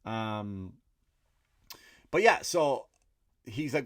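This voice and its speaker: An Irish man hosting a comedy podcast, telling a story in a profane, animated ranting monologue with acted-out quotes. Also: on the low side, fairly quick, dry recording, clean studio sound. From Ireland.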